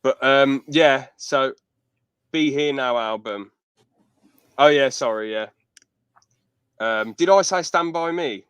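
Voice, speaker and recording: A man's voice: medium pitch, slow, pauses often, fairly bright tone, smooth, no room sound. A man hosting a podcast over a video call, chatting casually and rambling as he corrects himself. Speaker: podcast host. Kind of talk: casual chat.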